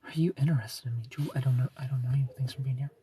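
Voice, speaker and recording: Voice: medium pitch, steady tone, rapid-fire, mellow. A young adult livestreamer chatting casually with viewers, sarcastic and laughing often as they answer comments by name. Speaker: livestreamer reading chat.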